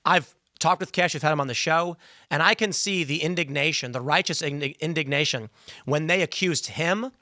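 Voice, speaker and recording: A man in his thirties hosts a political podcast, his voice bright and a little high, recorded close and dry with no room sound. He talks earnestly and strings his thoughts together in long runs. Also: moderate pace, no echo. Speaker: podcast host. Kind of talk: casual political talk show.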